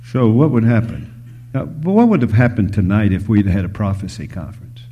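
Husky-voiced male preacher, dramatic delivery. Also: on the low side, big pitch swings, normal speed, dull audio. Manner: dramatic shifts from loud emphasis to hushed whispers; storytelling, asks the audience questions. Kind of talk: sermon.

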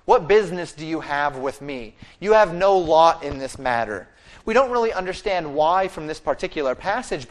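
A man preaching a sermon that explains a scripture passage line by line and acts out the quoted speech. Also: a little high. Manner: expository preaching with fillers and restarts, acting out quoted speech. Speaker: pastor.

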